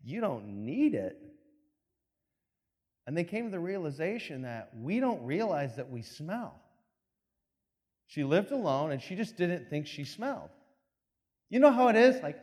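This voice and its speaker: A man's voice: fairly high pitch, very animated, fairly quick, darkish tone. A man giving a motivational talk with slides, telling a story animatedly and acting out voices. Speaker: speaker. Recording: long reverb in a hall.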